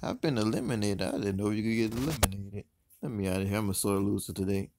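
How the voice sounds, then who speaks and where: A man giving casual, excitable commentary while playing a mobile game, swearing often and swinging between loud outbursts and low mutters. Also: quick pace, noisy background.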